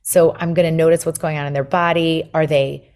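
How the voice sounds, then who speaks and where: A woman with a low voice talks as a guest on an interview podcast. She explains her method step by step and slips into the voice of a parent's inner thoughts as she goes. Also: steady tone, a little fast, darkish tone. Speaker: guest, parenting book author.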